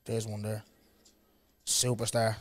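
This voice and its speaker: A man in his thirties hosting a podcast, asking questions in quick, easygoing banter. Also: lowish voice. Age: 30s. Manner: quick, lively questioning, laughs along. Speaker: podcast host. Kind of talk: casual chat.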